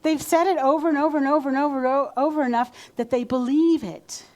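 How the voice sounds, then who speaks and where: Woman minister, fairly high voice, conversational sermon delivery. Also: fairly even intonation, quick pace, darkish tone. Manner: conversational, acts out quoted self-talk.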